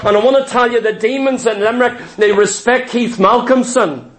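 High-voiced preacher, emphatic. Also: male voice, fairly quick, a bit bright. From Ireland. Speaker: pastor. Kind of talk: sermon.

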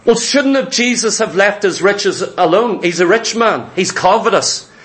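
A man preaching a sermon in an animated, emphatic way, often firing questions at his listeners. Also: high voice, a little slow.

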